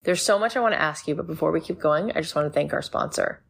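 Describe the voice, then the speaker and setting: A woman's voice: low-pitched, quick pace, gravelly, slightly rough. A woman host reading a sponsor ad in an upbeat, scripted way. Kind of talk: ad read.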